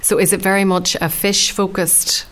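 A woman hosting a radio interview, asking questions in a steady conversational way. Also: mid-range voice, moderate pace.

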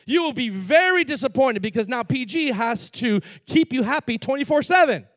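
A man preaching a sermon as lead pastor, emphatic, with sudden loud bursts and slowed-down words for stress. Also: very high voice, expressive, no echo, clean studio sound.

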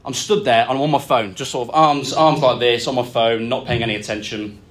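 A man, co-hosting a live podcast and telling stories with lively delivery in a function suite. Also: mid-range voice, brisk. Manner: lively storyteller, acts out quotes. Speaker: podcast co-host.

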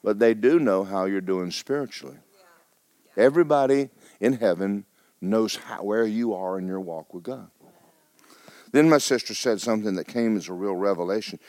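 A middle-aged man preaching a sermon as pastor, telling a personal story with stammering restarts and sudden swings between hushed and loud. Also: fairly low pitch, normal speed, no echo.

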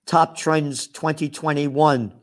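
An older man with a high-pitched voice rants in a scornful commentary monologue. He talks slowly and drags out his words, heaping sarcasm and insults as he goes. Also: steady tone. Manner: sarcastic, scornful, name-calling. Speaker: trend forecaster and publisher.

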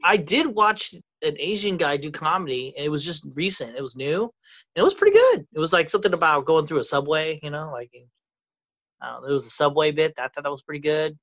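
Man, casual talk. Higher-pitched, rambling, stammering restarts. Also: animated, brisk, highs cut off. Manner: rambling, stammering restarts, loud quoted voices. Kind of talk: casual podcast chat.

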